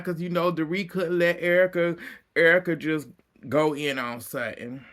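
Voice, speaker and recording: A man giving a casual, animated recap of a TV episode, acting out what people said and often breaking into laughter. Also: sits high, moderate pace. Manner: animated storyteller, acting out quotes, frequent laughter. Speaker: reality TV recap host.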